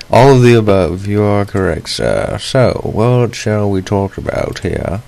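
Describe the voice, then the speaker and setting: Low-voiced joking male podcast host. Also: very animated, slow pace, gravelly, noisy background. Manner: joking, laughs often. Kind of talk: casual chat.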